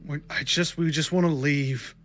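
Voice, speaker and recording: A man's voice: a little high, fairly even intonation, a bit bright. A man playing a tabletop game, chatting casually and playfully with frequent laughs. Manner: playful, laughing, halting restarts. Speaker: player.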